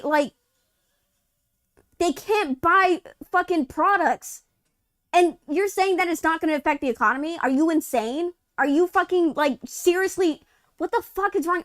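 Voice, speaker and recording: Brief: woman, high voice, live-stream co-host, furious profane rant, dry close sound. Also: animated, moderate pace, fairly bright tone, dry recording. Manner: heated, profane ranting; exasperated rhetorical questions. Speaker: co-host of a live gaming news show. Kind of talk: casual live-stream chat.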